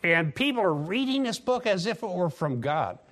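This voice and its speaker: A man's voice: sits high, sing-song, normal speed, fairly bright tone. A man preaching a sermon, teaching conversationally with sarcastic asides and building emphasis.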